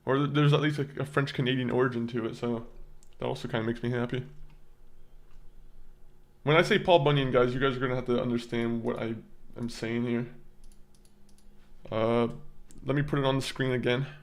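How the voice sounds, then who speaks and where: A man's voice: mid-range voice, fairly even intonation, fairly quick, long pauses. A man streaming a game, chatting casually with his viewers, rambling and laughing and often tripping over his words. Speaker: gaming streamer.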